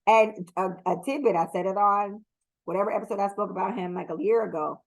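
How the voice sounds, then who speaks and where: A woman's voice: mid-range voice, a little fast, creaky, low-quality recording. A young adult woman hosting her own podcast, talking alone in a blunt, profane, rambling way with lots of ums. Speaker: podcast host. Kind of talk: casual solo commentary.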